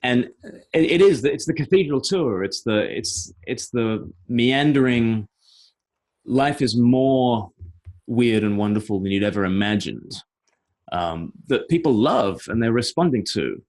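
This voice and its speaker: Animated rambling pastor, man. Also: mid-range voice, measured pace. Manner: animated, rambling, laughs often. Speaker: pastor and evangelist. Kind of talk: casual video-call conversation.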